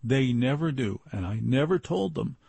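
Gravelly, husky older man telling stories. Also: medium pitch, lively intonation, normal speed, dark tone, dry recording. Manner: wry, conversational, acts out quoted voices. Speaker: show host. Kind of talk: storytelling monologue.

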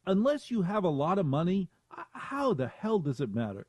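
Mellow-voiced male talk radio host. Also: high voice, normal speed, no room sound. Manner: rambling, self-mocking, animated.

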